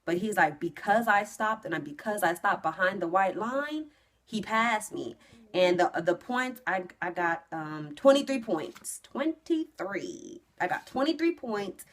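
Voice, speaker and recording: At an unhurried pace, a young woman who vlogs about trucking recounts a story to camera. She's casual and animated, switching between loud, high re-enactments and hushed asides.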